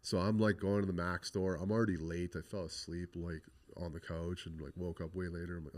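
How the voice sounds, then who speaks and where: A man's voice: deep voice, level tone, a little fast, few pauses, a little mellow. A young adult man from Canada, a podcast guest telling a rambling story full of swearing and "like.". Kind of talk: casual storytelling interview.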